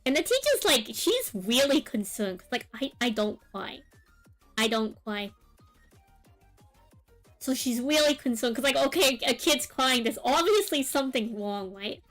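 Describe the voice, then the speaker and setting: An animated young woman with a high-sitting, slightly bright voice talks at a measured pace while she draws on stream, faint music in the background. She spins a long, rambling personal tale full of fillers and asides.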